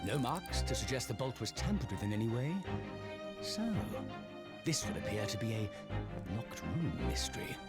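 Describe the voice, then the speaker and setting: An actor playing a theatrical, pompous British gentleman detective with a British accent, speaking in grand deductive flourishes. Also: mid-range voice, animated, normal speed, lightly acted. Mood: grandiloquent. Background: game music.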